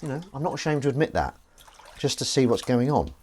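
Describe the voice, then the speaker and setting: A man with a mid-range voice and lively intonation talks at a quick pace, chatting and rambling wryly to his live-stream viewers as he washes dishes at the kitchen sink. The background is noisy.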